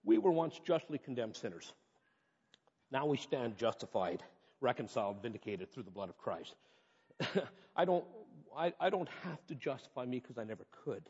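A man's voice: medium pitch, very animated, normal speed, darkish tone, breathy edge. A man preaching a sermon as pastor, earnest and conversational, rising to impassioned peaks, recorded in a church. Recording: reverberant hall, dull muffled sound.

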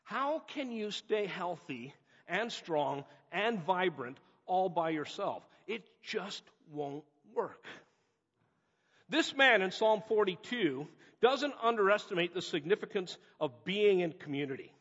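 A man's voice: high voice, expressive, takes it slowly, a bit bright, slightly rough. A man from North America preaching a sermon as a pastor, earnest and emphatic, repeating key phrases. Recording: dull lo-fi audio with long hall reverb.

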